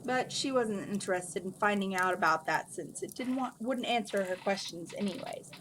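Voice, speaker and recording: A woman's voice: medium pitch, moderate pace, a bit bright, slight background noise, low-quality recording. A woman reading her own story aloud in a casual way, correcting herself and adding asides. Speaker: fanfiction reader.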